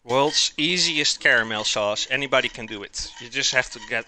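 A man's voice: mid-range voice, normal speed, sharp tone, a little hiss or hum. A man with a Dutch accent from the Netherlands, hosting a live cooking stream, chatting with viewers while eating, sometimes with his mouth full. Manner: chatty, reads out and answers chat while eating.

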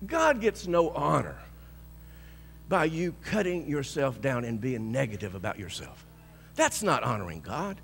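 A male pastor preaching a sermon, telling a story with lots of chuckles and shouting out bold declarations. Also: medium pitch, big pitch swings, unhurried, gravelly, in a large hall, a little hiss or hum.

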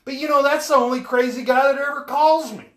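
Rambling high-voiced man, echoey bathroom. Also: brisk, a bit bright. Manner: folksy, rambling, keeps asking "all right?". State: soaked and frustrated. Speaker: home-repair vlogger. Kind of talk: rambling comedic vlog. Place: small bathroom.

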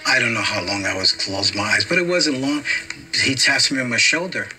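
In a documentary interview, a middle-aged man with a medium-pitched voice tells an anecdote to camera fairly quickly, livening it up by acting out the lines he quotes. Music plays underneath, and the recording is rough.

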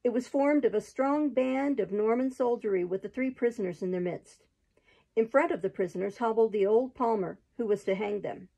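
A woman reading a chapter book aloud in a steady, expressive narrating voice. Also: on the high side, normal speed, creaky, husky, low-quality recording. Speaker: storybook reader.

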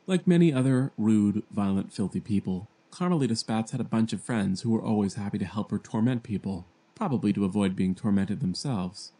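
Low, mellow male storybook reader. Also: fairly quick, few pauses, breathy edge. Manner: plain, gentle storytelling; lifts his voice for child characters' dialogue. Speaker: amateur audiobook reader. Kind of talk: fan audiobook reading.

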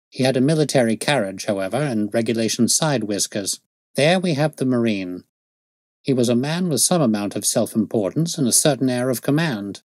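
A man voicing a self-assured detective who lectures in a crisp, raised voice as he reads a story aloud. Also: medium pitch, darkish tone, no echo, studio quality, close to an everyday voice. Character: brisk, aloof male detective, self-assured.

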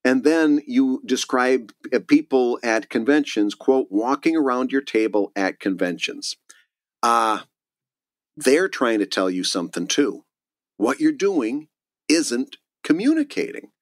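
A man's voice: mid-range voice, animated, measured pace, dry recording. A man co-hosting a casual podcast, giving emphatic advice and laughing often. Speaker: podcast co-host, cartoonist.

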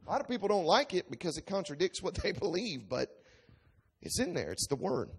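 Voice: mid-range voice, sing-song, brisk, gravelly, breathy edge. A preacher giving an expository sermon, reading scripture aloud and explaining it line by line with emphasis. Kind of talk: expository Bible-teaching sermon.

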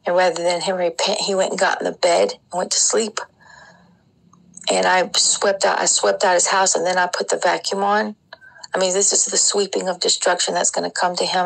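A woman's voice: lowish voice, gravelly, poor audio. A woman casually recounting her dreams in a rambling way, with many restarts and asides. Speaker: Christian dream sharer.

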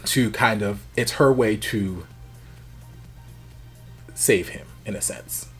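A man's voice: on the low side, slow pace, slightly rough, faint music behind. Chatty man giving reaction commentary. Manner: animated, chatty, emphatic. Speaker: reaction video host.

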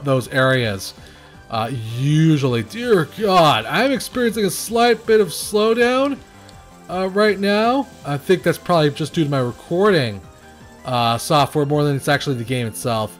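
A fairly high-voiced man talks through a game as he plays it, his pitch swinging widely. He rambles and restarts, filling gaps with hesitant sounds, and blurts out nervous exclamations when the action heats up. Faint music plays underneath. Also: animated, moderate pace. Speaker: game reviewer. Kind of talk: casual gameplay commentary.

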